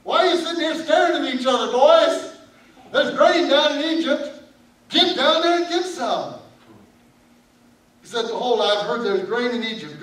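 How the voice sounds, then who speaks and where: A man's voice: fairly high pitch, a little hiss or hum. A man preaching a sermon, telling a Bible story and acting out the characters' lines. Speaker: pastor. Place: church sanctuary. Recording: echoey church hall from far off.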